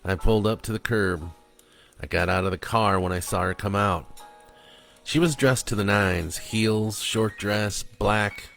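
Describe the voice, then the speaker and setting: A man reading his own dark prose and poetry aloud in a blunt, confessional manner. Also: on the low side, measured pace, creaky, soft background music.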